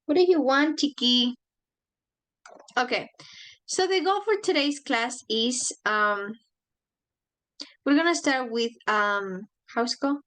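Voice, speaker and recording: A woman's voice: high voice, slow pace, long pauses, a bit bright. A woman teaching an online English class, friendly, asking her students the same questions again and again.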